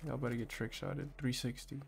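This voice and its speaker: Gravelly, cursing gaming streamer man. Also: mid-range voice, brisk, heavy background noise. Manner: profane, slangy, excitable outbursts. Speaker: gaming YouTuber. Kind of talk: rambling gameplay commentary.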